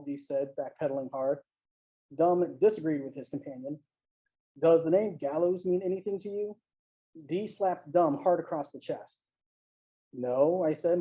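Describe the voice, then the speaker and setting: An author giving a live online reading of a first-person short story, in a steady, measured storytelling manner. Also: mid-range voice, low-quality recording. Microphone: home mic on a live online stream.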